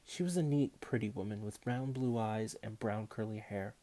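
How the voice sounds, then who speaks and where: A man reading a children's novel aloud in a calm, measured way. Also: fairly low pitch. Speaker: audiobook reader.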